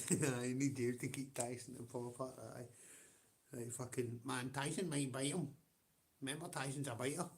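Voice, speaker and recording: A man's voice: mid-range voice, steady tone, normal speed, vocal fry, slight background noise. A man with a Scottish accent hosting a livestream and chatting casually with viewers. He swears constantly, rambles and often breaks into laughter. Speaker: livestream host.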